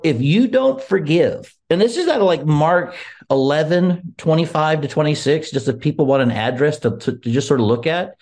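A man talking earnestly about faith and forgiveness, laughing often and restarting his sentences. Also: on the high side. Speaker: guest. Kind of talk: casual faith talk.

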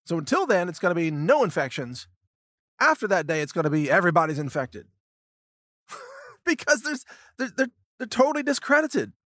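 A man delivers a solo commentary rant into a close, dry mic, his voice sitting a bit higher than most men's. He sounds indignant and sarcastic, and he keeps acting out mocking imagined conversations to make his point. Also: very animated, moderate pace, pauses often, a bit bright, dry recording. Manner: indignant, sarcastic, acts out mocking hypothetical dialogues. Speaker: commentary podcast host.

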